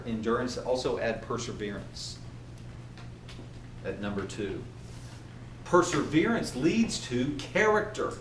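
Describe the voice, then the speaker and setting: A man giving a motivational training talk to a group, animated and often asking his listeners questions. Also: mid-range voice, a little hiss or hum. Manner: animated, asks the audience questions. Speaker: workplace trainer. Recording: echoey room from far off.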